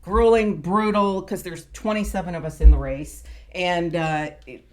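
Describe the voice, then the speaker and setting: A middle-aged woman with a lowish voice tells a campaign story in casual round-table chat. She talks in an animated way, quoting people as she goes. The voice sits a bit below most women's. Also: normal speed. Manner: animated storyteller who acts out quotes. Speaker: political round table panelist.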